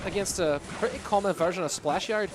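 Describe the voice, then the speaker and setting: A man doing a put-on Scottish accent while casting an esports match live, excitable and teasing. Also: sits high, fairly quick, noisy background, natural voice. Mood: playful. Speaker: esports caster.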